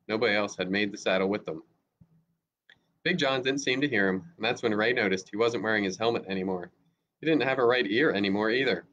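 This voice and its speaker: A man's voice: medium pitch, a little fast, a bit bright. A male teacher reading a novel aloud steadily, with small slips now and then. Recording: dull lo-fi recording with faint hiss.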